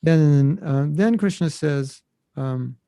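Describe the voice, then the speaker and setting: A man with a fairly high voice hosts a podcast where he teaches scripture in a casual, animated style, acting out quoted voices. He speaks slowly, and the recording is dry.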